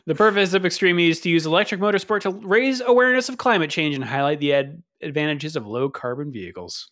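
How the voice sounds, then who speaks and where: A man's voice: a little high, fast talker, fairly bright tone. A man hosting a casual podcast, upbeat as he moves through the show segments. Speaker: podcast host. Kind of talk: casual chat.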